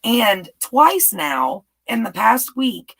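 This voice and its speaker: A woman's voice: a little high, big pitch swings, takes it slowly, creaky, fairly bright tone, rough recording. A woman hosting a rambling, casual live chat and reading viewer comments aloud. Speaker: livestream host.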